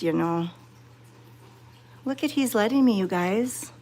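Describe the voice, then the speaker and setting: A woman chatting to her viewers while petting cats, excited and fond, cooing softly to the animals. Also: mid-range voice, takes it slowly, long pauses. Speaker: cat sanctuary vlogger.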